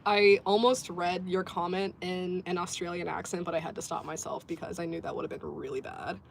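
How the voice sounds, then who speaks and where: A woman's voice: on the low side, fairly even intonation, fairly quick, gravelly, slight background noise. A woman hosting a casual livestream from a sports bar, chatting easily, laughing often and reading out viewer comments. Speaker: livestream host.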